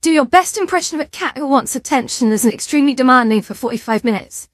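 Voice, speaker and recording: A woman's voice: high-pitched, animated, fast, no room sound, studio quality. A woman streaming from a VR game, chatting casually with her viewers, self-mocking and lightly swearing. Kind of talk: casual live-stream chat.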